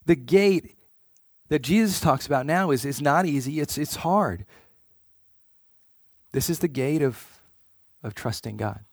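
A man's voice: fairly high pitch, animated, unhurried, long pauses, darkish tone, husky, dry recording, clean studio sound. A man preaching a sermon in an earnest way, often repeating words as he starts a phrase.

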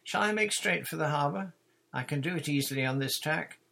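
A man reading a storybook aloud and voicing a sensible older girl, a ship's mate, calling across the water, with a husky voice. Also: on the high side, brisk, pushed and bright, voice pushed up, exaggerated voice.

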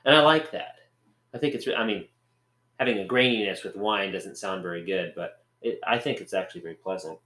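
A man's voice: deep voice, a little fast, pushed and bright, roomy sound. A man co-hosting a podcast, chatting in a rambling, joking, playful way. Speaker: podcast co-host. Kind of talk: casual chat.

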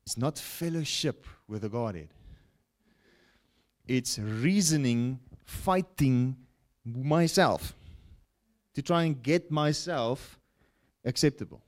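A man preaching a broadcast sermon, with animated rises and falls and frequent "okay?" check-ins to his listeners. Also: medium pitch, takes it slowly. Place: broadcast teaching setting.

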